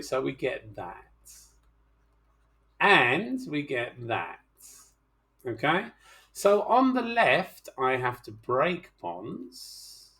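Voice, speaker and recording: A man's voice: medium pitch, creaky, fairly bright tone. A middle-aged man teaching chemistry in an online class, talking through problems in a chatty, teasing way and coaxing his students to speak up.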